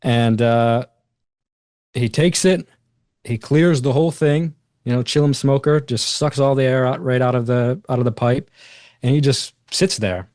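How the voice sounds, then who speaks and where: Heard in studio quality with no echo, this man talks a little slowly at medium pitch. He's a guest on a podcast recounting something from his own life in casual conversation, voicing the others involved with animation and plenty of fillers.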